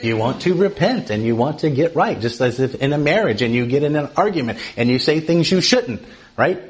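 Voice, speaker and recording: Lively man teaching Scripture, conversational, keeps asking "right?", voice jumps up for emphasis. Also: a little fast. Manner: animated, often asks "right?", rises in pitch for emphasis. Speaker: Bible teacher.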